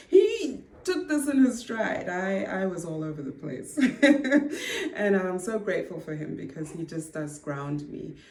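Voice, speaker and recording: Earnest woman, roomy distant sound. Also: on the low side. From Zimbabwe. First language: Ndebele. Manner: earnest, reflective, quick to laugh softly. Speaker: mother sharing her testimony. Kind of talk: personal faith testimony.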